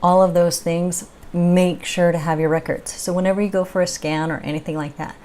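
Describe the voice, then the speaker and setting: A woman's voice: on the low side, flat delivery, a little fast, warm tone. A woman vlogger telling a personal story in a chatty, upbeat way with the odd laugh. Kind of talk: casual chat.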